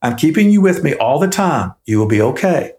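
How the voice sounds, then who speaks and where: A man's voice: a little high, sing-song, a little fast, darkish tone. A man voicing an earnest, defiant young boy who speaks emphatically. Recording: echoey room.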